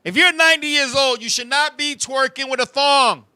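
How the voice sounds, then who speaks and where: At a moderate pace, a male show host delivers energetic, swear-filled stories in comedic chat and keeps looking to his co-host. His very high, cutting voice is captured close up on a completely dry recording.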